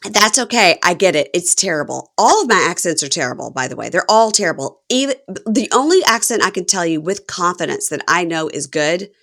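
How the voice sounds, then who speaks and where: A Southern-accented woman hosts a casual podcast, talking through a reality TV episode in a rambling, chatty way. Her voice sits a little low, and she keeps poking fun at herself with quick asides. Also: big pitch swings, fairly bright tone. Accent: Southern American. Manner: chatty, self-deprecating, quick asides and laughs. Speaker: podcast host. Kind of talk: casual chat recapping reality TV.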